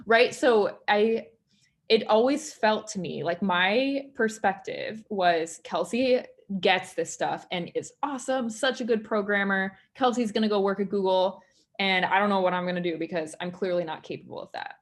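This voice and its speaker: A woman's voice: mid-range voice, normal speed. A young woman giving a casual workshop talk in a chatty, conversational way, often saying "like" and "right?". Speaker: workshop speaker.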